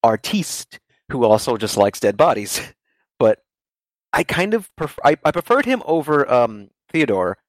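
A man in a relaxed conversation, rambling through his points and laughing easily. His voice sits in a middle range. The sound is dry, with no room around it. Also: medium pitch, measured pace, no echo. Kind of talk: casual game discussion.

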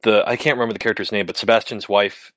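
A man's voice: fairly low pitch, steady tone, rapid-fire, fairly bright tone, dry recording. A man talking bluntly and casually about games, swearing now and then. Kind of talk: casual game discussion.

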